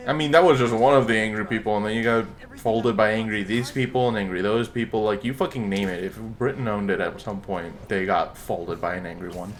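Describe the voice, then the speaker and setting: A man's voice: lowish voice, a little fast, hardly any pauses. A young American man co-hosting a casual gameplay session, laid-back and dry with some swearing. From United States. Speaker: gaming channel co-host.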